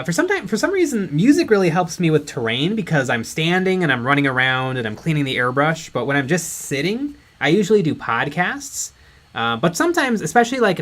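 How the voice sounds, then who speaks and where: A man's voice: medium pitch, fairly bright tone. A man co-hosting a hobby livestream, reading chat questions and chatting casually, laughing often and restarting his sentences.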